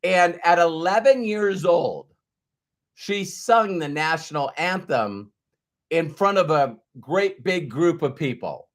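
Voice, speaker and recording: Animated man giving a motivational talk. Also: fairly high pitch, slow. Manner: animated, acts out quotes with sudden loud bursts. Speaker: motivational speaker. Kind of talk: live-streamed motivational talk.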